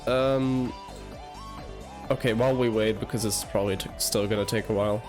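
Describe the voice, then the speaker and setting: A young man in his twenties chatting casually on a live stream, halting and rambling with stammered restarts. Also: fairly low pitch, fairly even intonation, music in the background.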